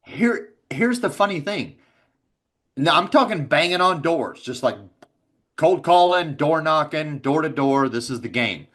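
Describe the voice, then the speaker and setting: A man's voice: on the high side, expressive, unhurried, a bit bright. A man with a Texas accent, a guest on a casual podcast, telling laid-back stories and swearing freely. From Texas, USA. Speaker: insurance agency owner, guest.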